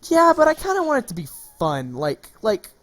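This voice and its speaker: A man's voice: sits high, huge pitch swings, moderate pace, a bit bright, no room sound. A man streaming a game and telling a rambling story, swearing and laughing as he goes. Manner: rambling, profane, laughing between lines.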